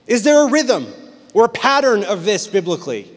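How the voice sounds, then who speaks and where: Young male pastor, passionate storyteller with a raised pitch, preaching in a big reverberant hall. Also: a little fast. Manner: animated, intense storytelling with big swings from loud to hushed. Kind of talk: sermon with personal stories.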